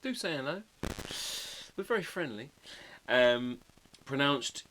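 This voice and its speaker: A man hosting a casual livestream, chatting with viewers and reading their comments while he draws, often muttering quiet asides. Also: medium pitch, animated, slow pace, long pauses, slight background noise. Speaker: livestream host drawing a card. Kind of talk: casual live-stream chat.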